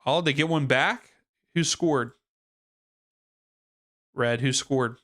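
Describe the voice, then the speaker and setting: A man's voice: medium pitch, slow pace, a bit bright, no echo. A man hosting a live soccer watchalong stream, chatting casually and thinking aloud with fillers and restarts. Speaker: livestream watchalong host.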